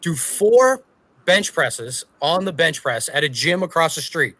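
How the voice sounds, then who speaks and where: Bright-voiced ranting man. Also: a little high, very animated, a little slow. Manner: profane, ranting storyteller. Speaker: podcast co-host. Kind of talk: casual chat.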